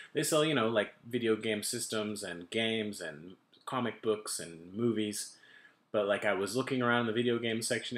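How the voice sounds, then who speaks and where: In an echoey room at home, among kitchen items, a vlogger in his thirties talks casually at his laptop camera, wandering through topics and making jokes at his own expense. His medium-pitched voice is bright and forceful.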